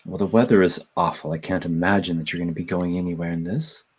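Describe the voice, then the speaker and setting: A man's voice: low voice, fast talker, a little hiss or hum, close to an everyday voice. A man voicing a gracious, persuasive madam who hosts paying guests, speaking courteously in a tabletop game. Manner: smooth, courteous, persuasive host talk. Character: gracious female madam of a house.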